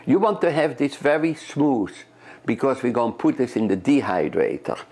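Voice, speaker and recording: A man's voice: medium pitch, animated, moderate pace, a little mellow, a little hiss or hum. A man from Europe, a chef, chatting step by step through a cooking demonstration in a kitchen and often repeating his words.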